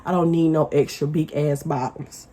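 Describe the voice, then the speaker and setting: A woman vlogger ranting casually to the camera, blunt and profane, with loud emphatic outbursts. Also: low voice, steady tone, moderate pace.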